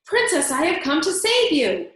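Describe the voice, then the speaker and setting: A woman's voice: mid-range voice, lively intonation, measured pace, very echoey, lightly acted. A woman voicing a small, brave male mouse knight, earnest and bold.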